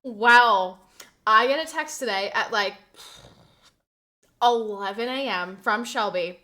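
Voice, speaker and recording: Fairly high-pitched and slow, a young woman live streams and chats casually with viewers, venting gossip and reacting animatedly to the chat.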